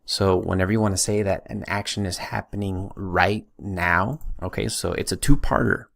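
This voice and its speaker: A man teaching a recorded Spanish grammar lesson, patiently drilling verb forms with slow, stressed repetitions. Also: deep voice, fairly even intonation, gravelly, a bit bright. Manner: patient, drills conjugations slowly with emphasis.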